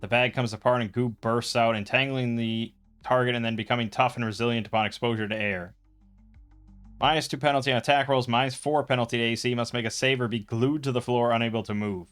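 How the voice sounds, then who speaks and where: A man's voice: medium pitch, steady tone, fast talker, a bit bright, clear, resonant tone, soft background music. Man narrating a solo tabletop game. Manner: thinking aloud, reading rules and rolls. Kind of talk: casual solo role-play narration.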